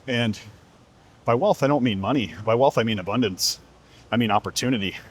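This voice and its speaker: A man speaks earnestly in a motivational talk, pressing the listener with repeated rhetorical questions. His voice sits at a middle pitch, and he has the direct manner of a fitness coach. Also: brisk, slightly rough.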